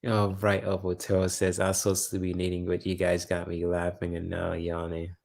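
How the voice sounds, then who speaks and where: A man's voice: low-pitched, completely flat delivery, brisk, creaky, a little mellow. Laughing man hosting a late stream. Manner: laughs often, playful and teasing. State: sleepy, yawning. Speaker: livestream host. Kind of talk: casual live stream chat reading comments.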